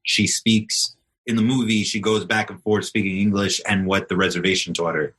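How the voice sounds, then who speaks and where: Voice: low voice, moderate pace, slightly rough. A podcast co-host chatting casually and steadily, passing on film facts. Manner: informative, steady, recommending films. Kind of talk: casual chat.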